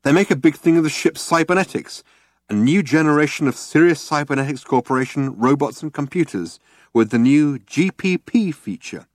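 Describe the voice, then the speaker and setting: A guy doing a curious eager traveller, higher than his own voice, keeps asking. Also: expressive, moderate pace, no echo, studio quality, close to an everyday voice.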